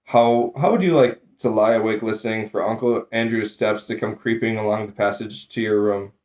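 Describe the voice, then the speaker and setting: A man's voice: on the low side, close to an everyday voice. A man voicing an unhappy, wound-up young boy in a read-aloud storybook. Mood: gloomy. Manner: upset, rushing, then hushed.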